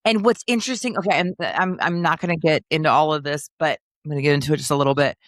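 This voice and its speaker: A middle-aged woman from the Kansas City area, co-hosting a casual podcast chat and telling stories with lively acted-out quotes. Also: quick pace, no room sound. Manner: animated storyteller, acts out quotes with big pitch jumps. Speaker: podcast co-host.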